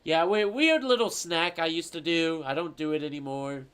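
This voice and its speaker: A man streaming, chatting casually and reading out viewer comments in an animated, rambling, profane way. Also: fairly high pitch, normal speed, smooth.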